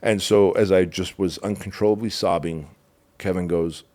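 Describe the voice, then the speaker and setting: Deep-voiced middle-aged man, raw and candid. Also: steady tone, moderate pace, darkish tone. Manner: raw and emotional, swears, calls the listener bro. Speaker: podcast guest. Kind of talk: candid personal storytelling.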